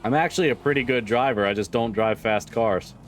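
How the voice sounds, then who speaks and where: A man's voice: mid-range voice, a little fast, faint music behind. A man streaming a driving game live, chatting casually, swearing and repeating himself as he gets frustrated.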